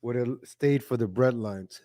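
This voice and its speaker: A man hosting a casual political commentary livestream, talking in a chatty, repetitive way, greeting viewers from the chat and often saying "ladies and gentlemen". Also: medium pitch, measured pace, no room sound, studio quality. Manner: reads viewer chat names aloud. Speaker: livestream host.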